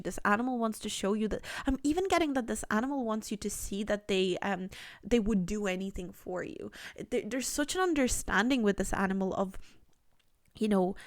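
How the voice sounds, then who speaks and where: A woman's voice: medium pitch, no echo, clean studio sound. A woman giving a pick-a-card tarot reading, chatty and searching, with many fillers and restarts as she feels her way through it. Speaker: tarot reader.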